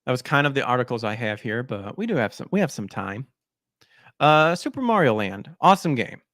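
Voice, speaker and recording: A male podcast host rants about gaming news, mocking what he reads with blunt, crude sarcasm. His voice sits in a middle pitch, and the sound is close and dry, with no room echo. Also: big pitch swings, a little fast, fairly bright tone. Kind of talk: ranting gaming news commentary.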